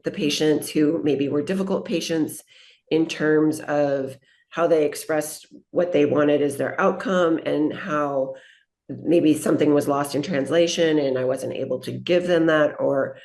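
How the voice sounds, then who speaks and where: Her voice sits low and a little mellow as this aesthetic nurse speaks in a podcast interview. She reflects warmly on patients she has known, telling heartfelt stories.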